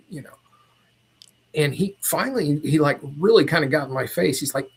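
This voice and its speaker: A man who is a podcast guest, recounting a personal story in a casual, meandering and animated way. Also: fairly high pitch, normal speed.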